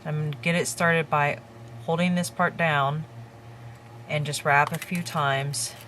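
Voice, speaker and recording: A woman hosting a crafting tutorial, calmly talking through each step while she works with her hands. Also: sits low, slight background noise. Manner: calm, unhurried, talks while working with her hands.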